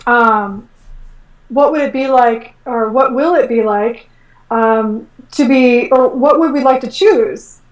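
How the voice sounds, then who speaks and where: A woman with a fairly high voice talks in a casual, animated way, acting out what she said and thought and dropping plenty of "like" and "um". She sounds set back from the microphone in an echoey room. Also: slow. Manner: animated storytelling, acts out her own quotes, many fillers like "like" and "um". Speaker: guest, energy work coach. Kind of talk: casual conversational interview. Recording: echoey room, voice far from mic.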